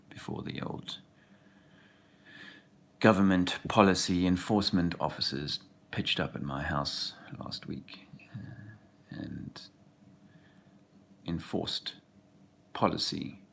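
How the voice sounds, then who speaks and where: A man's voice: low voice, creaky, fairly bright tone. A man talking in a rambling casual monologue as an activist video host, often losing his thread.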